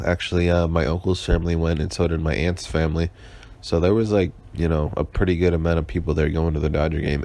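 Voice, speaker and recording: A hungover young man checks in on his own casual solo podcast, sarcastic and rambling, swearing constantly amid lots of fillers and restarts. He has a bass voice with vocal fry and a darkish tone, recorded with no room sound.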